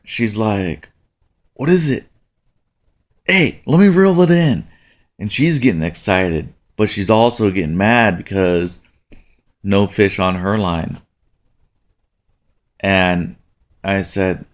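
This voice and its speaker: A middle-aged man telling a casual story about taking his kids fishing, with a relaxed delivery that jumps up in pitch for quoted lines. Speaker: father telling a family story.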